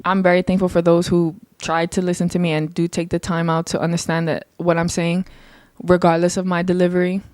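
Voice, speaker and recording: A young woman hosting her own podcast, talking casually and passionately, her voice climbing high when she gets heated. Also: level tone, brisk, darkish tone, no room sound, clean studio sound. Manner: passionate, emphatic, rises into heated rants. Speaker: podcast host. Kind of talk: casual solo podcast monologue.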